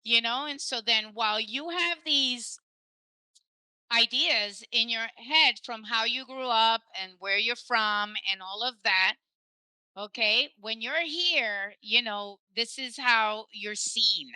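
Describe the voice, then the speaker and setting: A woman's voice: fairly high pitch, slow pace, bright, forceful tone, clean tone, dry recording, low-quality recording. A woman hosting a casual podcast conversation, telling stories animatedly and dropping in Spanish phrases. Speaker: podcast host.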